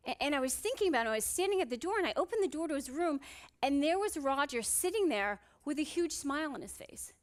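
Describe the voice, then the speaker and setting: A woman's voice: high-pitched, lively intonation, quick pace. A woman psychiatrist giving a motivational conference talk on stage, telling humorous stories and asking the audience rhetorical questions.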